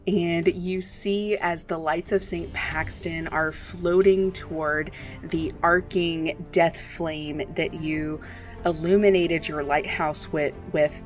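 Low-voiced woman game master. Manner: relaxed, with fillers, speeds up in asides. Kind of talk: narrating a tabletop game.

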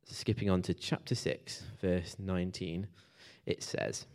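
A man's voice: sits low, steady tone, unhurried, few pauses, darkish tone. A man preaching a casual, conversational sermon to a church group, with fillers and restarts.

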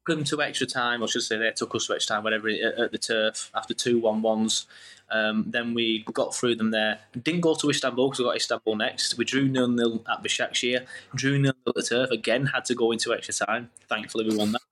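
A man at an ordinary mid pitch. He chats as a podcast guest, telling animated, rambling stories and often breaking off mid-sentence. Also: quick pace. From England. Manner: animated, rambling, self-interrupting. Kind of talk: casual storytelling chat.

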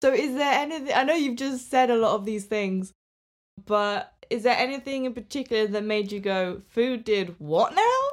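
A woman's voice: fairly high pitch, animated, moderate pace. A woman hosting a podcast, asking questions and laughing often in casual chat. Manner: laughs often, short encouraging replies. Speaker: podcast host.

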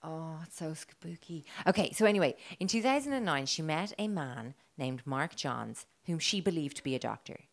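A woman's voice: deep voice, animated, brisk, vocal fry, few pauses. A woman co-hosting a podcast in casual chat, telling a story with giggles and frequent swearing. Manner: chatty, giggly, swears freely.

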